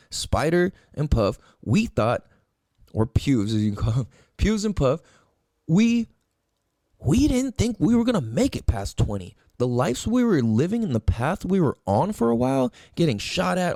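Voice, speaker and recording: Animated, swearing man ranting solo. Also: sits high, dry recording, clean studio sound. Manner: profane, animated, rambling rant; emphatic rhetorical questions. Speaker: podcast host. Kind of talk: solo podcast monologue.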